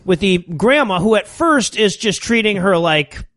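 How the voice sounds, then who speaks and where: A man's voice: high-pitched, lively intonation, unhurried, fairly bright tone, no echo, studio quality. A man co-hosting a podcast, recapping a movie in casual, sarcastic, profane chat. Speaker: podcast co-host.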